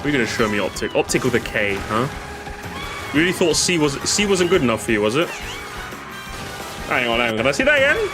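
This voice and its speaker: Lively, excitable male game streamer. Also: medium pitch, fast talker, pauses often, music in the background. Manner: excitable, chatty, rambling with many restarts. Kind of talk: live game reaction commentary.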